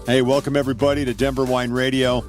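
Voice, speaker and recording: A man's voice: medium pitch, flat delivery, faint music behind. Easygoing male radio host. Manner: upbeat, easygoing, quick to laugh and agree. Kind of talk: casual radio interview. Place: radio studio.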